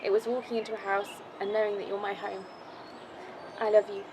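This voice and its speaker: A bride reads her vows outdoors, nervous and close to tears. Her voice sits at a middling pitch for a woman. Outdoor noise is clearly audible behind her. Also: little pitch movement, fairly quick. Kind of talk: reading wedding vows. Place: outdoors in a city park.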